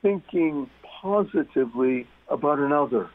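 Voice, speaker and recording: A man's voice: fairly high pitch, lively intonation, normal speed. A man talking as a guest on a talk radio show, emphatic and repeating key words for stress. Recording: muffled phone-line radio sound.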